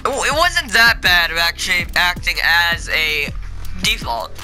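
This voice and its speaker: A man with a somewhat high voice gives loose, filler-heavy commentary over his gameplay. Music plays clearly behind him. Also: very animated, measured pace, sharp tone. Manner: rambling, filler-heavy, loses his train of thought. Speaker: gaming video creator.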